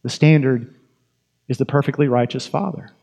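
A man's voice: medium pitch, steady tone, moderate pace, gravelly, a little mellow. A man preaching a sermon in a conversational, emphatic way, asking questions and repeating phrases for effect.

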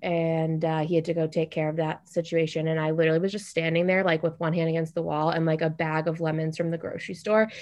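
A young adult woman telling a funny story in casual podcast chat, animated and full of "like". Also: sits low. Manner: animated, fast, heavy use of "like".

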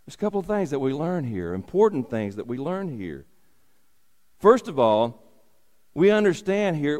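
Slow-preaching pastor in a reverberant hall. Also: male voice, on the high side, mellow. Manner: repeats key phrases for emphasis, rhetorical questions. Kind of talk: sermon.

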